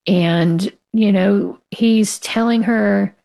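An American woman novelist, appearing as a guest in a casual interview, speaks frankly and with strong opinions, laughing now and then. Her mid-range voice is dark and creaky, and she draws out her words.

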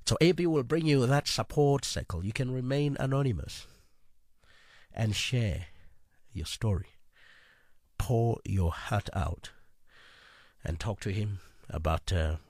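A man presenting a late-night radio music show in a chatty, easygoing way, with filler pauses. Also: fairly low pitch, darkish tone, no room sound, clean studio sound.

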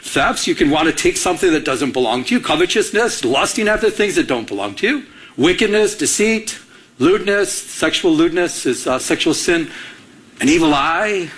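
Animated, storytelling man preaching from Michigan. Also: normal speed. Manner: animated storytelling, acts out his own quoted lines with big pitch jumps. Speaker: pastor. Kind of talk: sermon.

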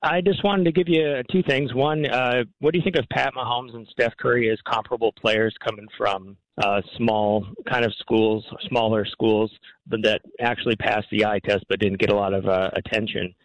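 A man calling in to a sports radio show, halting and full of fillers. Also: lowish voice, steady tone, no echo, lo-fi sound. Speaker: caller. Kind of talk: call-in radio chat.

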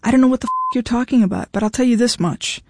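A woman's voice: fairly high pitch, fast talker, background noise, natural voice. A woman reading the lines of a blunt, defiant young woman who speaks in a cutting, dismissive way. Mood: firm.

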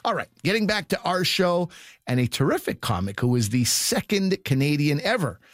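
A man hosting a comedy show, reading brisk promotional announcements. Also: a little high, very animated, no room sound, clean studio sound. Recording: voice-over with guitar music behind. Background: guitar music.

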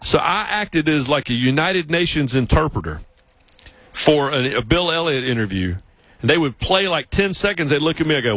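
A man from South Carolina with a Southern accent, hosting a sports radio show and telling stories in an animated way. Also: a little high, a little fast, no room sound, low-quality recording. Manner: animated storyteller, mimics other voices, laughs often. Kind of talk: casual radio storytelling. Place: radio studio. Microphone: studio microphone.

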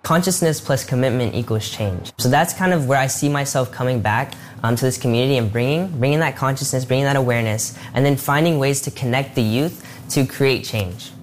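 A man's voice: medium pitch, brisk, hardly any pauses, a little hiss or hum. A teenage man of eighteen speaking earnestly in an interview, with fillers and restarts. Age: late teens. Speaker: interviewee, student. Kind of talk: casual interview answers.

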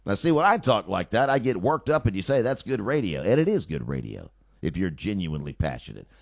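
A man's voice: fairly low pitch, sing-song, a little fast, creaky, no echo. A man hosting a radio talk show, delivering a sarcastic, opinionated monologue from a studio on a studio mic.

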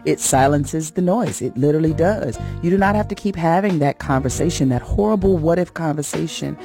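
A woman's voice: low voice, a little fast. Woman radio host, earnest and preacherly, faint music underneath. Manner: warm, earnest, preacherly, rising in emphasis. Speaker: radio host giving a faith message. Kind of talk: inspirational radio talk.

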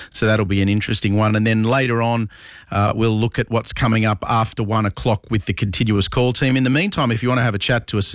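Australian male radio host, mid-pitched, blunt and opinionated, dry close studio sound. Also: no room sound. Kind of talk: talkback radio. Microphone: broadcast studio mic.

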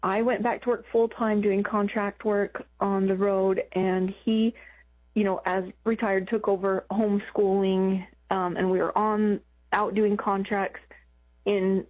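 A woman calling in to an advice show, talking haltingly with many restarts and emotion in her voice. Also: medium pitch, flat delivery. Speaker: caller. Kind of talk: phone-in advice call. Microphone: telephone. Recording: tinny phone line.

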